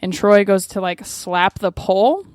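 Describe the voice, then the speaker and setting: A woman's voice: mid-range voice, a little slow, darkish tone, dry recording, clean studio sound. A woman co-hosting a podcast, telling a story in casual chat, laughing often and swearing freely. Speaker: podcast co-host.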